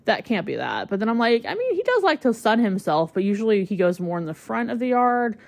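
A woman's voice: a little high, big pitch swings, fairly quick, a little mellow, no room sound. A woman hosting a podcast, telling a personal story in a chatty, candid way and using "like" constantly. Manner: chatty, heavy use of "like", emotional and candid. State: choked up at times. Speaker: podcast host.

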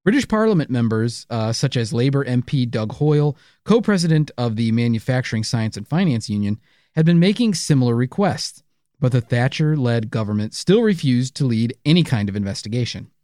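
A man's voice: mid-range voice, lively intonation, a little fast, dark tone, no echo, studio quality. A man co-hosting a true-crime podcast, narrating casually with playful jokes. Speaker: podcast co-host.

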